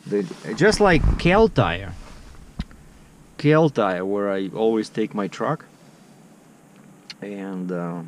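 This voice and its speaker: A man's voice: lowish voice, expressive, takes it slowly, long pauses, slight background noise. A man vlogging casually outdoors, telling a story to the camera in a chatty, filler-heavy way. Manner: chatty, filler-heavy, acts out the other people's lines in dialogue.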